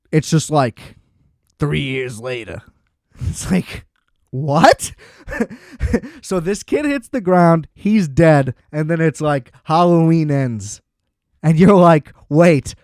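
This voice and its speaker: A man's voice: fairly high pitch, slow pace, pauses often, no room sound, studio quality. Exasperated man ranting about a film. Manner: animated and exasperated, laughing often. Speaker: podcast host. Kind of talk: casual movie review rant.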